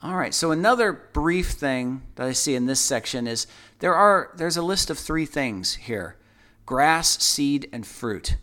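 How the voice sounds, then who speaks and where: A man's voice: on the high side, animated, unhurried, bright, forceful tone. A man co-hosting a Bible discussion, teaching in an earnest, conversational way and often repeating his phrases. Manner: earnest, repeats phrases, acts out everyday quotes. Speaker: Bible study co-host.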